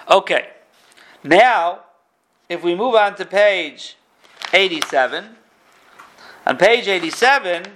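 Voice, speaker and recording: High, bright-voiced man teaching Talmud. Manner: reads Hebrew text then explains in casual English. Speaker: Torah teacher. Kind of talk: Talmud lesson, reading and translating.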